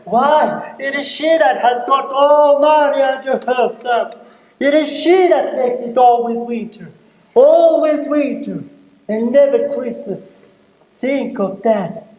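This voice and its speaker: A man acting out a gentle, guilty faun in a stage play, with a very high, light voice. He speaks in wistful, pleading tones from far back on the stage. The sound rings through a large, echoey hall. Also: slow. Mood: confessing. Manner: wistful, then tearful and pleading. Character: remorseful gentle male faun, tearful and guilty.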